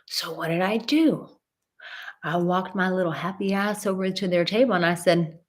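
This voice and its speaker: A woman's voice: on the low side, normal speed. A woman in her thirties hosting a live advice stream, speaking bluntly and with animation, often acting out other people's words. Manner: blunt and animated, acts out quoted voices, swears. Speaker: relationship advice host.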